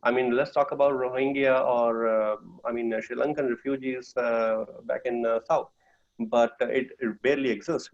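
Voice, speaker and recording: Halting North Indian man, dull lo-fi audio. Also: mid-range voice, darkish tone. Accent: North Indian English. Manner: halting, many filler sounds. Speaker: guest speaker and author. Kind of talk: casual talk in an online session.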